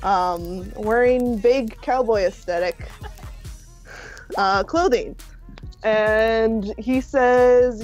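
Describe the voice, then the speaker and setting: A woman narrating a tabletop game as game master, slow and hesitant with many fillers. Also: a little high, a little mellow, soft background music.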